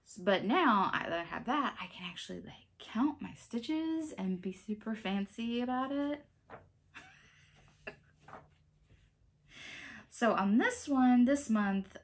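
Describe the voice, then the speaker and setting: A woman's voice: mid-range voice, a little hiss or hum. A woman in her thirties chatting casually as a cross-stitch vlogger, laughing often and restarting her sentences. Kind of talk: casual chat.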